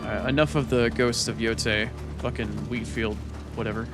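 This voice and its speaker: A man's voice: mid-range voice, fairly even intonation, normal speed, over music. A man streaming a game from his chair at home, chatting casually with viewers in a loose, profane, rambling and playful way. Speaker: gaming streamer.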